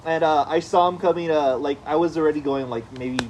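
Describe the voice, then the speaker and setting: A man's voice: fairly high pitch, a little fast, a little mellow, slight background noise. Laid-back man telling a story. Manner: laid-back, swears casually, laughs at his own stories. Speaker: podcast co-host. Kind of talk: casual storytelling chat.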